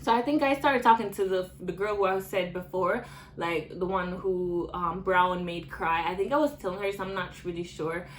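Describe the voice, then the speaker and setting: A woman's voice: fairly low pitch, normal speed, slight background noise, poor audio. A young adult woman retelling a work story in a loose vlog, with many fillers and restarts. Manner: rambling, filler-heavy retelling. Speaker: vlogger.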